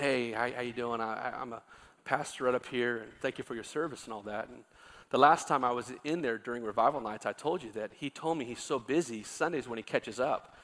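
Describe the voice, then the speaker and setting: A middle-aged male pastor preaching a sermon, telling a story quietly, then rising into loud, impassioned exhortation. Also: medium pitch.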